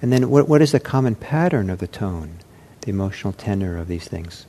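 Soft-spoken man giving a meditation talk. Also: low voice, lively intonation. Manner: gentle, reflective, many pauses and restarts. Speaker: meditation teacher. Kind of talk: unscripted dharma talk.

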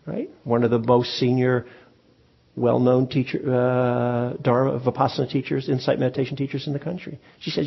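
Male meditation teacher, husky mid-pitched voice, dull lo-fi recording, casual dharma talk. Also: normal speed. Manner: relaxed, conversational, frequent ums and restarts. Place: meditation hall with audience.

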